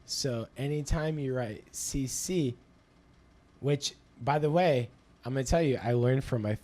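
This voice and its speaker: A man's voice: mid-range voice, unhurried, mellow. A man who manages a comedy club, a podcast guest, teasing and explaining things at length in casual chat.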